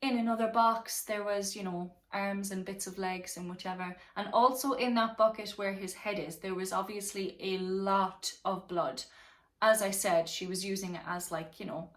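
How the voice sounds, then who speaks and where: A woman vlogger telling a true crime story in a casual, rambling way, swearing freely and leaning on fillers. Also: mid-range voice. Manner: rambling, profane, many fillers. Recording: roomy echo, mic at a distance.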